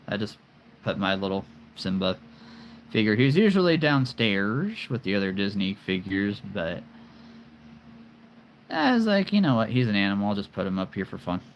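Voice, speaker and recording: A man's voice: lowish voice, sing-song, normal speed, pauses often, slight background noise. A man in his forties hosting a live stream, chatting casually and playfully about his collection, rambling with chuckles and puns.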